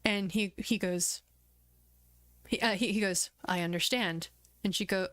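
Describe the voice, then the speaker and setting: A woman's voice: mid-range voice, normal speed, clear, resonant tone, no room sound. A woman streaming, chatting casually and retelling scenes with acted-out quotes and lots of fillers. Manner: animated retelling, acts out quoted lines, lots of "like". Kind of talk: casual chat.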